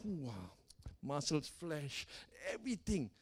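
A man's voice: fairly high pitch, lively intonation, slow, husky. Fervent male pastor preaching. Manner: preaching with call-and-response and dramatic swings in volume. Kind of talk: sermon. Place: church.

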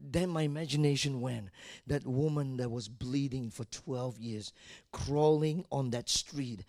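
A male pastor preaching a dramatic sermon, swinging from quiet asides to loud shouts and acting out the people in his stories. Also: medium pitch, measured pace, no room sound, clean studio sound. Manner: acts out the people in his stories in different voices.

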